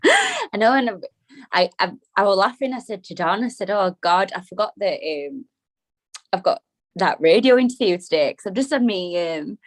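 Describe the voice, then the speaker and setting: A woman's voice: mid-range voice, wildly swooping pitch, normal speed. Bubbly young British woman guest. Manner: bubbly, laughs often. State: speaking with a freshly fitted dental brace. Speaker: interview guest. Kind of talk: casual interview chat.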